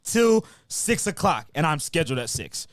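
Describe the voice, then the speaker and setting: A man co-hosting a casual podcast, telling lively stories, acting out the people he quotes and laughing often. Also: fairly high pitch, moderate pace, no echo, studio quality. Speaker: podcast co-host. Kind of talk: casual chat.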